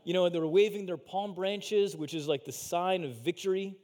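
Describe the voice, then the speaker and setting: A man's voice: high-pitched, moderate pace, darkish tone, big-room sound. A male pastor giving a sermon, talking casually with lots of fillers and acting out quotes. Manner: casual, filler-heavy preaching with acted-out quotes.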